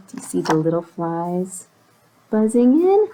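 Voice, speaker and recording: A woman librarian reading picture books aloud to preschoolers, gentle and expressive. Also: fairly low pitch, unhurried. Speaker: children's librarian.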